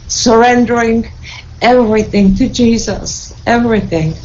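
A woman's voice: fairly high pitch, a little slow, dull audio, background noise. A woman sharing an emotional spiritual testimony in a group, fervent and tearful with joy, repeating her thanks and blessings.

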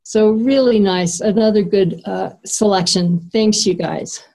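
A woman who trains horses, candidly sharing a personal story with a group in an animated, easygoing way. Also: medium pitch, a little slow. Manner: animated and candid, laughing easily.

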